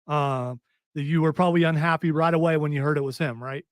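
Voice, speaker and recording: Fairly high-voiced man leading a chat. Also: fairly even intonation, fast talker, no echo. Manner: leading topics, posing questions, conversational. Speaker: podcast host. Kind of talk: casual pop culture discussion.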